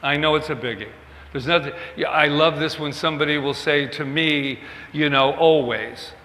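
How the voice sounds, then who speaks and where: A man's voice: a little high, normal speed, pushed and bright. A male minister giving a conversational, self-mocking sermon, acting out quoted dialogue as he goes. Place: church sanctuary. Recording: long hall reverb.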